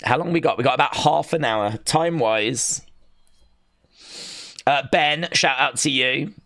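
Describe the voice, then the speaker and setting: An excitable young man, hosting a live watch-along stream, chatting, chanting and reading out viewer comments. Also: medium pitch, measured pace, no echo, clean studio sound. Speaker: livestream host.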